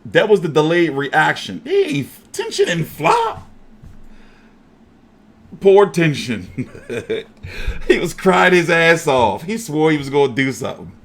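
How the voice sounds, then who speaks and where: Animated, lively-voiced boxing host man. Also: on the high side, slow pace, pauses often. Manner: animated, profane, jokey. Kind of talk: casual boxing chat.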